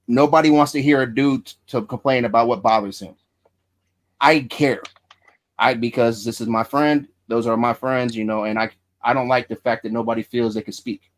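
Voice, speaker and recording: A man hosts a casual live stream and turns to speak straight to his viewers. He talks earnestly, at a plain, mid pitch. He keeps an unhurried, conversational tone. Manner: earnest, addressing viewers directly.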